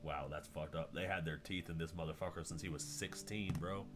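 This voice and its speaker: A man's voice: low-pitched, steady tone, brisk, over music. A man chatting casually on a stream in a laid-back way, swearing and laughing a lot. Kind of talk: casual reaction chat.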